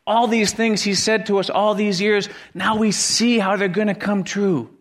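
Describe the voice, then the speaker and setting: A middle-aged man preaching a sermon earnestly, often repeating words for emphasis and dropping to quiet, low tones. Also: steady tone, moderate pace.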